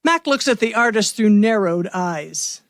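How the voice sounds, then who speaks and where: A woman hosting a podcast, giving measured scripted narration for a radio-theater mystery. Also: mid-range voice, lively intonation, no echo, studio quality.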